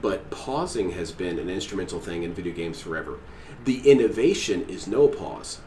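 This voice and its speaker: A man streams his reaction to a clip, ranting with sarcastic, exasperated mockery in a low, mellow, expressive voice at normal speed. The recording comes from an echoey room with the mic at a distance and faint noise.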